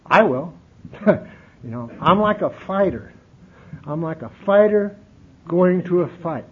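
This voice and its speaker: A man sharing his recovery story at a meeting, telling it with animated, repeating phrases. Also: on the high side. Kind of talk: personal recovery talk. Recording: tinny lo-fi recording with faint noise.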